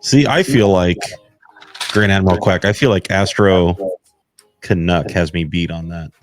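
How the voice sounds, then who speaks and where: A man's voice: low voice, unhurried, soft background music. A man co-streaming, chatting casually and chuckling as he teases. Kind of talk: casual live-stream chat.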